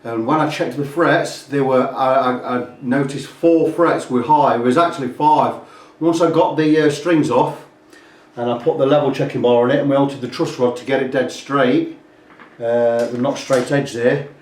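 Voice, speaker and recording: A man's voice: mid-range voice, fairly even intonation, moderate pace. Chatty man in an echoey workshop. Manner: rambling, chatty, fills gaps with "blah blah". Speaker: guitar repair technician. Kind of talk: casual workshop walkthrough. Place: repair workshop. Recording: roomy, distant workshop sound.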